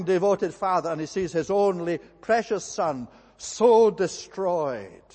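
A man gives a sermon to a congregation, repeating himself earnestly and emphatically in a slightly high, somewhat mellow voice. A long reverb makes his words ring out as in a church hall.

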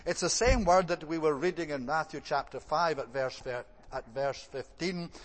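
A man giving an evening sermon. He speaks in a measured, thoughtful way, often pausing on "eh" and "uh.". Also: on the high side, big-room sound. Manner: measured, thoughtful delivery with frequent "eh" and "uh" restarts. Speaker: preacher.

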